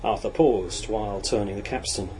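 A man narrating a novel in a measured, even storytelling voice. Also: fairly low pitch, poor audio. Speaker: audiobook narrator. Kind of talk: reading a novel aloud.

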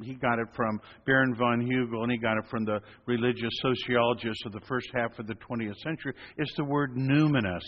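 Priest preaching in an echoing hall. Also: male voice, medium pitch. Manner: unhurried storytelling with gentle humor. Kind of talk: sermon. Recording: reverberant hall, dull lo-fi.

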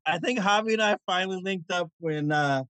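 Man, podcast co-host, casual rambling storyteller, fairly high voice, dry close sound. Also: fairly quick, fairly bright tone, dry recording, low-quality recording. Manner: rambling, self-correcting storyteller.

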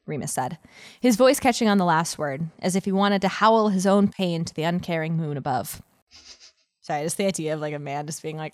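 A woman's voice: lowish voice, fairly quick, dry recording, clean studio sound. A woman reading a story aloud as a podcast host, breaking off into giggly, chatty asides.

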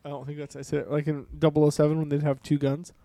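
A woman's voice: low-pitched, little pitch movement, fast talker, background noise. A woman co-hosting a crude casual chat podcast, tossing in wry, dry quips. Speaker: podcast co-host. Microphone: microphone propped on a stand.

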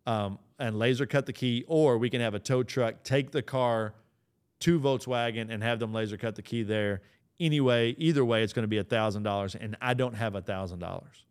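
A man's voice: medium pitch, clear, resonant tone. A man hosting a podcast who tells a personal story in an earnest way, often repeating and restarting his phrases. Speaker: podcast host.

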